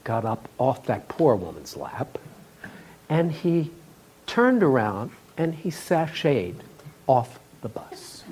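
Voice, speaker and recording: A man telling a humorous story on stage as a live storytelling performance, in an animated way with laughs in his voice. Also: on the high side, slight background noise. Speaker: storyteller, tour guide. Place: festival stage before an audience.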